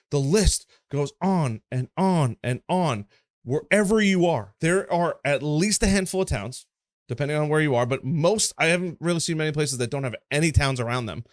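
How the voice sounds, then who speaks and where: A man's voice: on the high side, no room sound, studio quality. Emphatic man walking through a tutorial. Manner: energetic, emphatic, casual with repeated "right?". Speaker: marketing coach. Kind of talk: screen-share tutorial.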